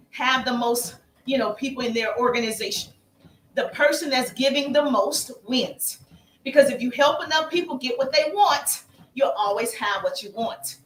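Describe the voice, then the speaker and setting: Energetic woman business coach, high and sharp, motivational live-stream delivery in a roomy space. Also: slight background noise. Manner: energetic, repetitive, calls listeners baby.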